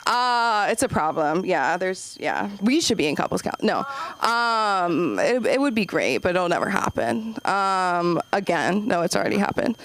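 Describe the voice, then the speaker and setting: A woman's voice: fairly low pitch, animated, unhurried, fairly bright tone, slight background noise. Woman doing standup on a club stage, rambling and self-deprecating, says like a lot. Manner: chatty, self-deprecating, lots of "like". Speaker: stand-up comic and show host. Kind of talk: stand-up comedy set.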